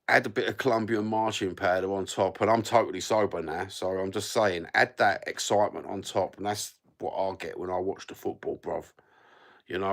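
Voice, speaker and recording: A man's voice: fairly low pitch, vocal fry. A man, chatting casually with viewers in a rambling, sweary, blokey way. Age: 50s. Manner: sweary, blokey banter with lots of fillers. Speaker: livestreamer reading viewer comments.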